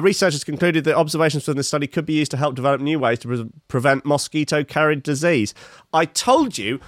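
Odd news stories get read by a man in his fifties whose mid-range voice is a bit bright, in a clean studio with no room sound. Casual and comic, he adds wry, rambling remarks heavy with fillers.

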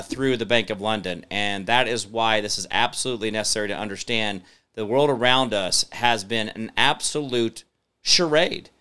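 A man's voice: medium pitch, fairly bright tone, clean tone. A man hosting a live-stream show, talking emphatically and reading viewer comments, rambling with many fillers. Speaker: show host.

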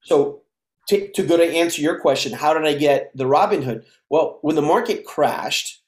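A man in his fifties from the United States, a podcast guest telling his life story in a lively way and acting out the voices of the people in it. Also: on the high side, moderate pace. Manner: animated storyteller who acts out dialogue. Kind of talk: casual storytelling interview. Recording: roomy echo.

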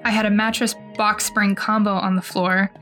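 A woman's voice: mid-range voice, flat delivery, moderate pace, a bit bright, faint music behind. A woman hosting a podcast, chatty and giggly, reading stories aloud. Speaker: podcast host.

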